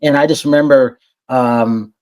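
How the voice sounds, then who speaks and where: A man guest on a podcast, telling stories in a warm, friendly, animated way, often restarting his sentences and acting out other people's lines. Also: medium pitch, unhurried. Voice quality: warm and friendly voice-over delivery. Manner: animated, acts out quoted voices, repeats words when starting. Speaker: podcast guest, entertainment journalist. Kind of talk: casual interview storytelling.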